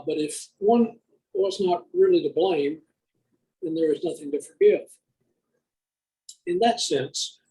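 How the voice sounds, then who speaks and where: A man's voice: on the high side, darkish tone, poor audio. A man in a discussion group reading a passage aloud, steadily and with care.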